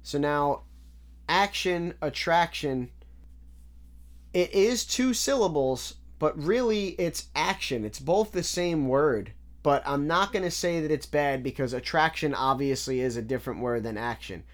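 A man's voice: fairly high pitch, expressive, unhurried. A man casually breaking down rap lyrics line by line, analytical and repetitive, often restarting his sentences. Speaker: music reviewer.

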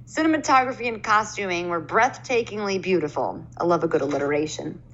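A woman's voice: fairly low pitch, lively intonation, brisk, fairly bright tone, lo-fi sound, slight background noise. A young woman co-hosting a podcast, chatting casually in an easygoing, joking way that sometimes trails off. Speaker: podcast co-host. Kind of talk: casual chat.

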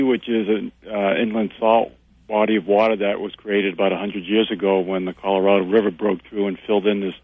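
A man's voice: mid-range voice, no echo. A man calling in to a radio show as its regular birding expert, easygoing and rambling with many fillers. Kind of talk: casual phone-in chat. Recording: dull husky phone-like line.

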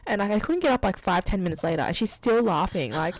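A woman's voice: mid-range voice, expressive, quick pace. A young woman co-hosting a podcast, chatting casually in a blunt, mock-offended way and swearing freely. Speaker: podcast co-host. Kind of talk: casual chat.

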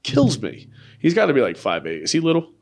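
A young man riffs through a loose comedy podcast, swearing freely and stopping to laugh at his own jokes. His voice is mid-pitched but swings widely from line to line, restless and animated. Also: fairly quick. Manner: rambling, profane, laughs often. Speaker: podcast host. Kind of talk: crude comedic podcast banter.

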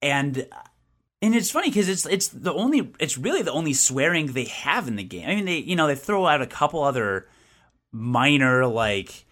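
A man's voice: a little high, moderate pace. A man co-hosting a gaming podcast in casual, opinionated chat, with many restarts. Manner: animated, opinionated, lots of restarts. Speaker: podcast co-host.

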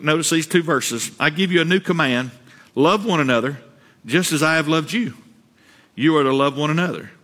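A man preaching a sermon as pastor, earnest, repeating words and climbing higher to stress a point. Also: bright, forceful tone. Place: church sanctuary. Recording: reverberant church hall.

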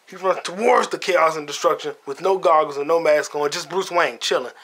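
Bright-voiced man rambling about movies. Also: a little high, brisk, breathy edge. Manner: rambling, profane, slangy storytelling. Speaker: podcast host. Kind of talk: casual movie review chat.

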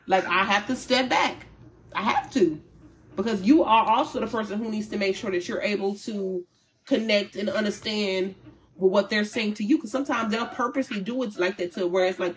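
A woman's voice: mid-range voice, brisk, low-quality recording. A woman talking loosely and conversationally as a tarot reader, full of slang and self-interruptions. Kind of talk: casual spiritual reading for viewers.

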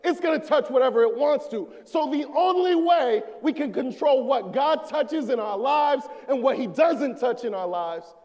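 A man preaching a sermon as an associate minister, swelling to shouts and dropping low. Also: expressive, moderate pace, hardly any pauses, big-room sound.

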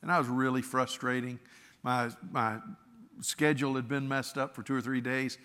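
A man's voice: mid-range voice, little pitch movement, moderate pace, bright, forceful tone, smooth, long reverb tail. A man preaching a sermon as pastor, earnest and conversational, often restarting his words.

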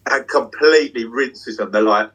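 A man, a magician on tour, talks candidly and swears freely in long excited runs from a backstage dressing room. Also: mid-range voice, normal speed, distant mic, slight background noise, low-quality recording. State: getting emotional. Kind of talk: candid casual interview.

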